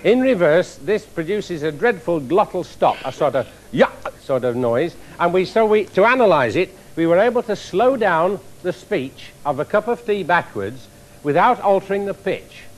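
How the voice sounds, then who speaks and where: A man, an engineering professor, giving a televised science lecture to a live audience in a lecture theatre, explaining with lively demonstrations. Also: high-pitched, normal speed, slight background noise.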